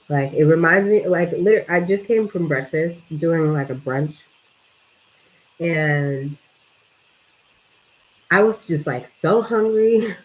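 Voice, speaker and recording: A woman's voice: sits low, low-quality recording. A young woman telling a casual story to camera, chatty and swearing freely, with lots of "like" and talk of energy and vibes. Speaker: vlogger.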